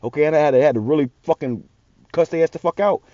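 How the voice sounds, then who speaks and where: A man's voice: a little high, fast, warm tone, no room sound, highs cut off. A man hosting a religious channel, giving a heated, profane, repetitive rant-style sermon. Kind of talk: ranting street sermon.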